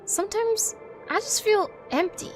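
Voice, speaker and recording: A woman voicing a tough, sarcastic young boy with a gruff, mocking manner, reading game lines over background music. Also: very high-pitched, measured pace, pitched above the performer's own voice. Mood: sullen. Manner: gruff and mocking, folksy insults. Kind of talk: voicing game characters on stream.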